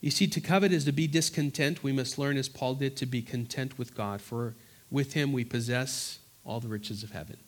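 A pastor with a medium-pitched voice leads a Bible study. He reads scripture aloud slowly and earnestly, then gives plain explanations, often restarting his words.

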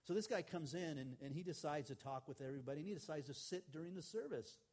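A man's voice: a little high, quick pace, darkish tone. A middle-aged man, a pastor, preaching a sermon in a conversational storytelling way, retelling a conversation with quoted lines.

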